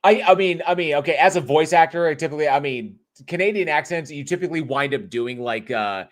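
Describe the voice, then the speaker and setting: A man's voice: a little high, brisk. A man hosting a live online talk stage, chatting casually and joking with listeners as he greets them. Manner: chatty, jokey, rambling. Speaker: host.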